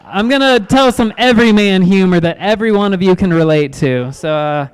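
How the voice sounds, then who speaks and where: A man in his thirties doing a stand-up comedy set in a club, awkward and self-deprecating, halting with ums and restarts. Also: sits high, clean tone, rough recording. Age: 30s.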